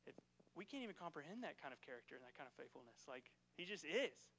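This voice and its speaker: A man's voice: a little high, big pitch swings, quick pace, pushed and bright, slight background noise, poor audio. A man preaching a casual, conversational sermon in a church, often checking in with the congregation. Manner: casual, keeps asking "right?" to the congregation.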